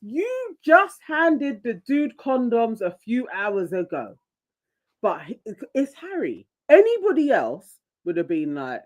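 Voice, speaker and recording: Woman co-host, lively storyteller, pitch all over the place. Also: takes it slowly, dull audio. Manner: animated storyteller, laughs often. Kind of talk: casual recap chat.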